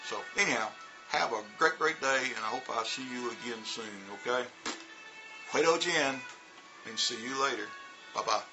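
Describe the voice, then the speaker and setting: A man's voice: medium pitch, moderate pace, over music, poor audio. A middle-aged man vlogging in a casual monologue about teaching, rambling, repeating words and using lots of fillers. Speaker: vlogger and former teacher in China.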